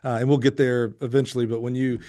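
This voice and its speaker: A man's voice: medium pitch, level tone, fast talker, dark tone. A man hosting a podcast interview, friendly and casual, often restarting his sentences. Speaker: podcast host.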